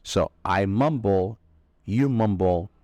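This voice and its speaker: Male English teacher, lowish voice, dry close sound, emphatic delivery. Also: dark tone, no room sound. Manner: slow, emphatic explaining with drawn-out key words. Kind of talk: vocabulary lesson.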